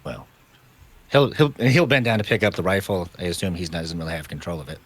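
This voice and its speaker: A man's voice: low voice, very animated, brisk, husky. A man playing a tabletop role-playing game, hesitant and often repeating his words. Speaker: player.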